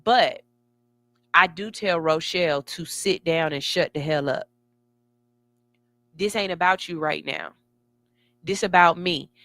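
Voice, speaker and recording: A woman's voice: lowish voice, slow pace, pauses often, dry recording. A woman radio host giving an emphatic, sassy motivational talk. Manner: emphatic, sassy, building excitement.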